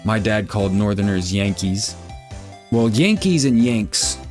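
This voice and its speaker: A man's voice: on the low side, animated, a little slow, darkish tone, soft background music. A young man giving casual let's-play commentary in a crude, sarcastic, rambling way. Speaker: gameplay host.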